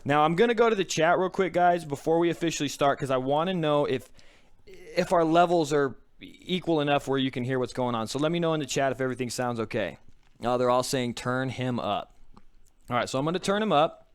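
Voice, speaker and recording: A man's voice: a little high, a little fast, clean tone. Breathless frazzled podcast host, a man. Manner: frazzled, swearing, talks to chat. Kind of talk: casual live-stream chat.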